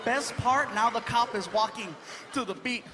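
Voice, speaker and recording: A male stand-up comedian telling an animated story on stage and acting out every character. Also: very high-pitched, normal speed, noisy background. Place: live comedy venue. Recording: echoey live venue with crowd ambience.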